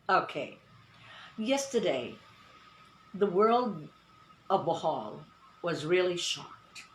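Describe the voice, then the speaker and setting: A woman giving an online pronunciation lesson, speaking deliberately, repeating words and asking the class questions. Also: fairly low pitch, a little hiss or hum. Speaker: English teacher. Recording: roomy echo.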